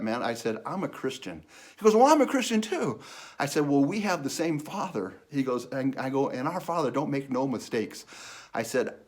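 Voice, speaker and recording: Earnest middle-aged man, plain mid voice, storytelling testimony. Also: mid-range voice. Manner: earnest, animated when quoting others. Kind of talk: personal testimony.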